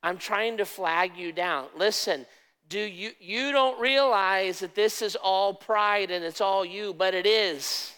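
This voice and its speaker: An urgent, pleading Jesus, as a preaching man puts him on speaks from within a sermon. The voice rises a little higher than the preacher's own and stays earnest and insistent. Its tone remains smooth and clear throughout. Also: takes it slowly, bright, forceful tone, in a large hall, full character voice.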